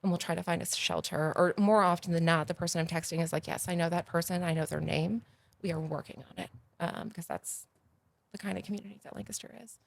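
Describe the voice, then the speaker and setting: A woman, a podcast guest telling stories in a casual, animated way that grows loud and excited. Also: on the low side, fast, creaky, dry recording. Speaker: podcast guest, agency founder. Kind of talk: casual interview storytelling.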